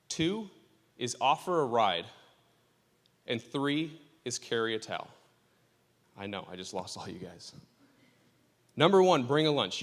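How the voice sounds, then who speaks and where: Casting: man preaching loosely with jokes, church reverb trailing his voice. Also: mid-range voice. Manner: joking, conversational preaching. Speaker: pastor. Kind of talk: casual sermon. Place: church sanctuary.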